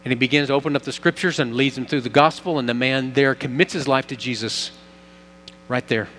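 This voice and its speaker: A man's voice: mid-range voice, steady tone, fairly quick, sharp tone. Man preaching in a reverberant church. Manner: earnest storytelling, rising with emphasis. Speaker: pastor. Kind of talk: sermon. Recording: long reverb, faint mains hum.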